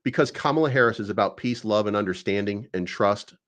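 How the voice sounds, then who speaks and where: Blunt, profane man, lowish voice. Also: a little fast, a bit bright. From Kentucky, USA. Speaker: guest. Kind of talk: casual debate chat.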